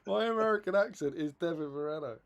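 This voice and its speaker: A man with a fairly high voice co-hosts a live stream, talking quickly in casual, chatty fashion. He reads viewer comments aloud and laughs often, sounding amused.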